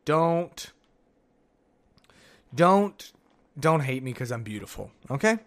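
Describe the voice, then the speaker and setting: A man's voice: fairly high pitch, very animated, takes it slowly, fairly bright tone. A man hosting a solo podcast, chatting casually and rambling through old notes with jokey asides. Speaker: podcast host.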